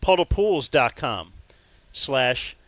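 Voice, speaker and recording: Talk show guy doing sponsor reads, bright punchy voice, real dry close sound. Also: expressive, slow pace, no room sound. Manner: upbeat, pitchman delivery for sponsors. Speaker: sports talk show host. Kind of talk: casual banter and live sponsor reads.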